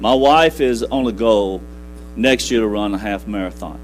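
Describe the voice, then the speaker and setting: A man's voice: fairly low pitch, normal speed, a little hiss or hum, rough recording. A middle-aged man preaching a sermon in a church, folksy and repetitive, building to emphatic peaks. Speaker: pastor. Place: church sanctuary.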